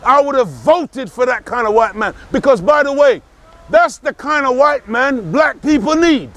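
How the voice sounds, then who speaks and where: A man giving an impassioned political talk, forceful and emphatic, repeating key phrases and rising to shouts. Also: extremely high pitch, expressive, moderate pace. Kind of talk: impassioned speech.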